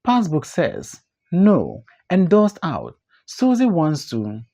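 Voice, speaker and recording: A man's voice: huge pitch swings, slow pace, vocal fry, dark tone, heavily acted. A man voicing a desperate adult man in an audiobook play reading, pleading and emphatic. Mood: bitter. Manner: pleading, emphatic, swings widely in pitch.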